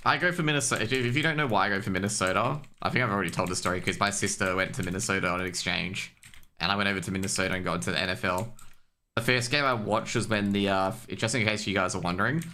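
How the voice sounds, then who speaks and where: A young man streaming, chatting casually in a loose, profane, rambling way full of fillers and restarts, getting louder as he rants. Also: fairly low pitch, quick pace, slight background noise. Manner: gets worked up and louder when ranting.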